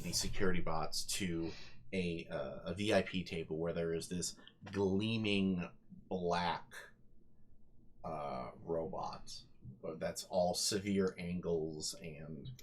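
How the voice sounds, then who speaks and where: A man running a tabletop game as game master, describing scenes in halting bits full of ums and restarts. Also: deep voice, slight background noise.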